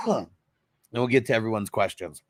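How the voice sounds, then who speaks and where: A man's voice: medium pitch, a bit bright, slight background noise. A man hosting a fantasy football show, telling a story in a casual, profane, rambling way. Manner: profane, rambling, with frequent laughs.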